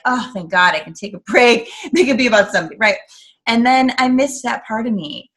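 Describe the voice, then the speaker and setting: A middle-aged woman from the United States, talking earnestly in a casual interview and acting out the voices of people she quotes. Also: mid-range voice. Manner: earnest, animated, acts out quoted talk. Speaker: guest speaker, coach.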